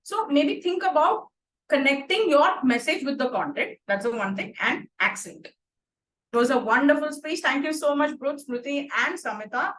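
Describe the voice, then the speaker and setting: A woman with an Indian English accent hosting an online club meeting and giving warm, expressive feedback. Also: sits high, normal speed, roomy sound, poor audio. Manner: warm, expressive, praising then suggesting. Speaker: meeting host, Toastmaster of the day.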